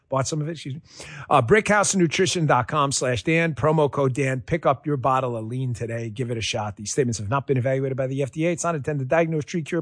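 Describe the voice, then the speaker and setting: A man doing a live sponsor read on the radio, energetic and casual. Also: no echo, clean studio sound. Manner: pitchy, energetic, casual salesman tone.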